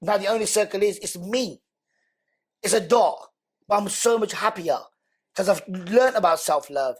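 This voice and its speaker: A man, a podcast guest, telling his story in a lively, conversational way and acting out the dialogue. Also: high voice, moderate pace, slightly rough. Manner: animated, acts out quoted dialogue.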